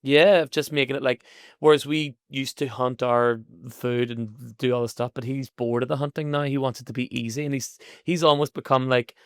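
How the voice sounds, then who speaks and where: A man's voice: mid-range voice, steady tone, brisk, smooth, dry recording, clean studio sound. A man co-hosting a podcast in casual chat, playful and jokey. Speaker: podcast co-host.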